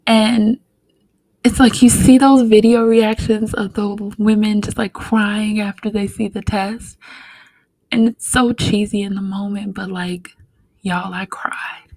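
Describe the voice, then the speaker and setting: Slow, soft-spoken young woman telling her story. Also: medium pitch, little pitch movement, no echo, low-quality recording. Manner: soft-spoken, heartfelt, with many fillers. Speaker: podcast guest. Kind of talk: personal storytelling.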